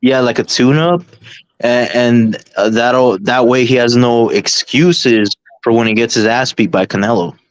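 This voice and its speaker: A man's voice: mid-range voice, unhurried, no room sound. A man hosting a heated boxing panel chat, arguing back, repeating himself and restarting sentences. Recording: dull lo-fi call audio.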